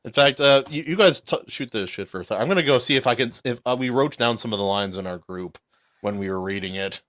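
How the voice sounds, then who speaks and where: A man's voice: medium pitch, fast talker, a bit bright, no room sound, studio quality. A man hosting a casual stream chat over voice chat, rambling with restarts and easy laughs. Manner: chatty, restarts and trails off, laughs easily. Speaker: stream host.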